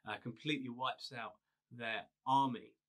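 A man pastor giving a video sermon, retelling a story in a relaxed, conversational way with frequent fillers. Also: mid-range voice, moderate pace.

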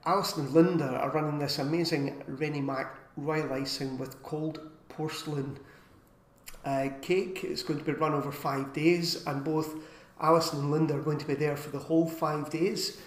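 A man with a fairly high voice chats through a casual live stream, rambling a little and pausing on fillers. The sound is roomy, with an echo off the walls. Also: flat delivery. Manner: chatty, rambling, with filler pauses.

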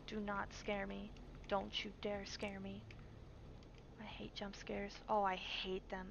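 A woman's voice: medium pitch, monotone, slow, gravelly, fairly bright tone. A woman streamer giving chatty, jumpy live commentary while playing a survival game, reading on-screen text aloud. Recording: dull stream mic with faint hiss.

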